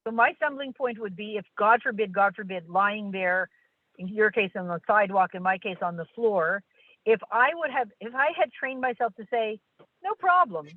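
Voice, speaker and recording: A woman on a tinny phone line tells animated anecdotes in a casual study session. She puts on other people's voices as she goes. The line is dry and close, with no room sound. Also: mid-range voice, moderate pace, no room sound. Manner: animated storyteller, acts out other people's lines. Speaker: study partner. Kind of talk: casual Torah study discussion.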